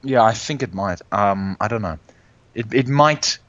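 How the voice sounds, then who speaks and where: A man's voice: fairly low pitch, expressive, measured pace, a bit bright, no echo, dull audio. A man chatting casually on a game livestream, rambling and correcting himself as he jokes along. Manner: rambling, self-correcting, jokey.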